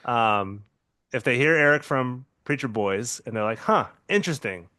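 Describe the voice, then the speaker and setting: A man's voice: mid-range voice, unhurried, sharp tone, dry recording. A man with a blend of Southern Californian and Pacific Northwest accent, hosting a casual podcast conversation. He hesitates and restarts his sentences, laughing easily. His mid-range voice comes through a dry, close mic. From US West Coast. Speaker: podcast host.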